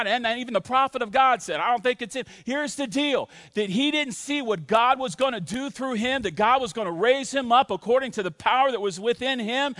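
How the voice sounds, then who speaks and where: A man's voice: very high voice, a bit bright, no echo, clean studio sound. A pastor preaching a sermon with energy, rhythmic and playful phrasing, and call-and-response to his church. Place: large church.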